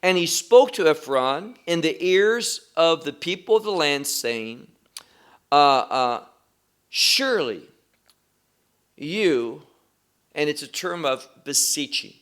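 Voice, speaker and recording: A man teaching the Bible verse by verse in a measured way, often stopping to rephrase and explain terms. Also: a little high, lively intonation, a bit bright, clear, resonant tone. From Israel.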